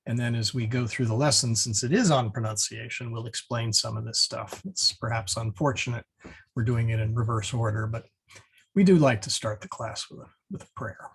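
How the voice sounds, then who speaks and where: A man teaching an online Latin class over a video call, relaxed with many fillers and restarts. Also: medium pitch, normal speed, slightly rough.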